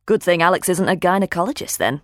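A woman voicing Jeanie, a blunt and nosy woman best friend around forty, in a high, mocking voice. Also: quick pace, no room sound, studio quality, lightly acted. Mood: teasing. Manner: high, lively, mocking delivery.

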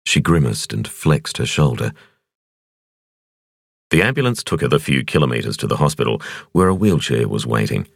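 Very deep, gravelly male audiobook narrator. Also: no room sound. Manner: measured, expressive reading. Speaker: audiobook reader.

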